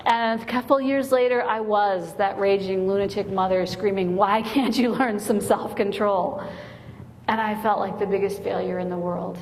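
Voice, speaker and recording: A woman's voice: mid-range voice, darkish tone. A woman giving a humorous, earnest inspirational talk to mothers, telling stories with comic timing. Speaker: Christian women's speaker. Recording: long hall reverb, faint noise.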